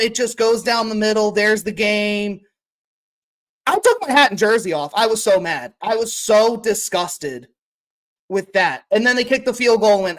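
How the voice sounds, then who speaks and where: Woman ranting, swearing, slightly high voice. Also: a bit bright. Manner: profane, exasperated ranting. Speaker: podcast co-host. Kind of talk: casual sports podcast chat.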